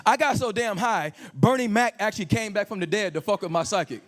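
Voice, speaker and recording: High voiced guy doing crude standup on a club stage, handheld mic, animated. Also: a little fast, few pauses. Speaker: stand-up comedian. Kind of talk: stand-up comedy set.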